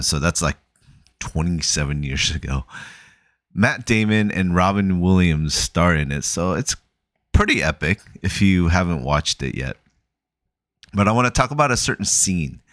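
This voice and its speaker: A man's voice: sits low, fairly bright tone, no room sound, studio quality. A man talking casually on his own podcast, telling a story with conversational asides and short chuckles. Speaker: podcast host. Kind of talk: casual solo podcast monologue.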